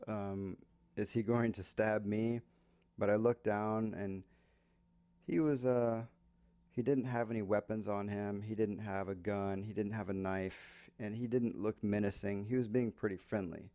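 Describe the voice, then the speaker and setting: A man's voice: fairly low pitch, steady tone, measured pace, warm tone. An American man hosting an English-learning podcast, telling a casual story and stopping to explain slang for learners.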